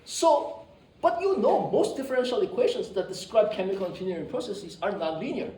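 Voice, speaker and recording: Male engineering lecturer, high bouncy voice, teasing and repetitive, recorded from afar in a reverberant room. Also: a little fast, a little hiss or hum. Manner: animated, joking, often asks "right?". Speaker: engineering professor. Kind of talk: classroom lecture. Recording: echoey classroom, distant mic.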